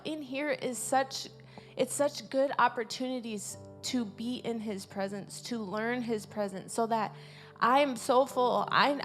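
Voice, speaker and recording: A woman preaching an informal sermon in a fairly high voice. She is earnest, circles back on her key words and pushes louder on her main points. Soft music plays faintly behind her. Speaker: preacher at a church service. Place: church service.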